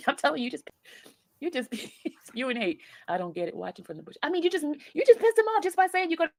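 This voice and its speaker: A woman's voice: high-pitched, expressive, quick pace, dry recording, studio quality. A woman on a recorded call, teasing and laughing, repeating herself. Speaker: caller from prison.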